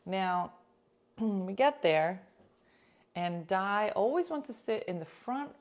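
A woman telling stories to her listeners in casual chat, animated and talkative, sometimes dropping into whispers for asides. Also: mid-range voice, slow. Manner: chatty, animated, drops into whispers for quoted asides.

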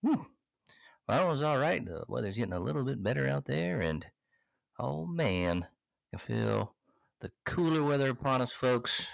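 A man's voice: mid-range voice, very animated, moderate pace, gravelly. A man co-hosting a podcast in casual chat, laid-back and crude, cracking jokes. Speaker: podcast co-host.

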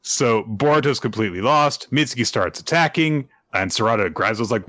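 Brisk and medium-pitched, this podcast co-host barely pauses as he recaps a manga chapter, recorded with no room sound. He acts out what the characters say, telling the story with energy and many "uh"s along the way.

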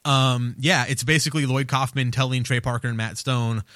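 A man's voice: mid-range voice, fairly even intonation, moderate pace, fairly bright tone, no room sound, studio quality. A man hosting a podcast in loose, casual chat, swearing freely, laughing often and drifting into rambling asides. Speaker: podcast host.

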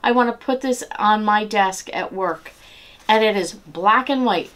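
A middle-aged woman speaks in an earnest, conversational devotional style, like sharing a testimony. She slows and softens when she returns to a verse. Her pitch sits in an ordinary middle range. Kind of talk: personal devotional talk.

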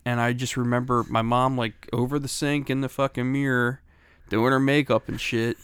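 A man's voice: mid-range voice, flat delivery, moderate pace, a bit bright, clear, resonant tone, no room sound. A middle-aged man from Philadelphia, co-hosting a podcast, telling a profane, laughing story in casual chat. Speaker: podcast co-host. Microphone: close studio mic.

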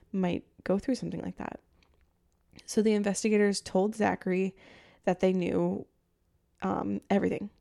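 Young woman, podcast host, dark gravelly tone, casual and emotional true crime retelling into a mic. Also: medium pitch. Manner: chatty, emotional retelling with fillers. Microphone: podcast microphone.

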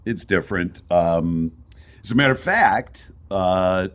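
Guy on a podcast, halting and hesitant, voice swings up and down a lot. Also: low voice, expressive, fairly bright tone, clear, resonant tone. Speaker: podcast guest. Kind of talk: casual chat.

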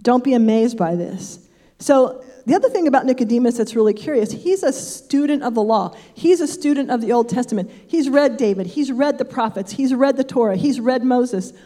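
Mellow older woman teaching Bible. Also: fairly high pitch, brisk. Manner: chatty, with personal asides.

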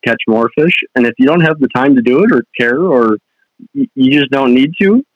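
Animated and brisk, a young fishing guide rambles through a casual podcast conversation as a guest, frequently starting his sentences over. He has a mid-range voice, heard in dull, dry audio.

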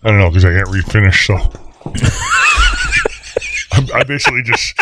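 A man's voice: lowish voice, normal speed, heavy background noise. A man co-hosting a podcast, chatting casually and teasing while tasting snacks. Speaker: podcast co-host.

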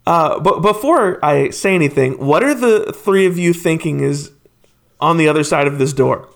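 Slow-narrating game master, a man. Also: fairly high pitch, expressive, creaky.

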